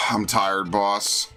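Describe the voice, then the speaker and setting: Exasperated New streamer ranting. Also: male voice, lowish voice, bright, forceful tone. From New York. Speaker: game streamer. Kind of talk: live game stream commentary.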